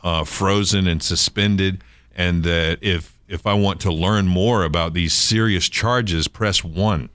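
A man hosting a podcast, telling lively anecdotes in casual chat. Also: low voice, slow pace, no echo, clean studio sound. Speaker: podcast host, radio personality.

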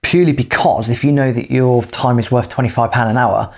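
A man's voice: mid-range voice, fairly even intonation, a little mellow. Emphatic man giving casual advice. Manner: talks fast in bursts, emphatic advice. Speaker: podcast co-host. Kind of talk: casual podcast chat.

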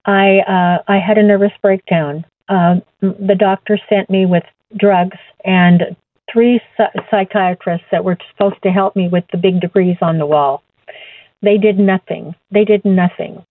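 A woman recounts her faith testimony as a guest, speaking earnestly and halting to repeat words. Her voice comes through a thin, phone-like line. The sound is close and dry. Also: mid-range voice, steady tone, dry recording.

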